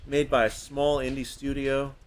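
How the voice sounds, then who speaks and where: A man's voice: medium pitch, little pitch movement, moderate pace, crowd noise. A man co-hosting a game stream, trading dry sarcastic jokes in casual banter. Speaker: co-host.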